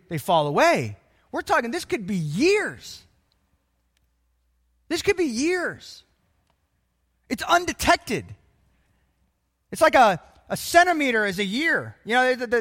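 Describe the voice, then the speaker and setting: A man preaching a sermon, emphatic and animated, quoting scripture. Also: high voice, big-room sound. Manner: animated and emphatic, acts out voices of people.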